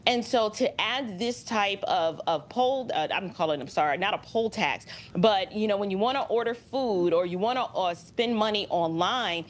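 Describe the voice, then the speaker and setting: A woman's voice: mid-range voice, expressive, moderate pace, hardly any pauses. A woman in her forties from New York City, giving indignant, emphatic commentary as a guest on a cable news show.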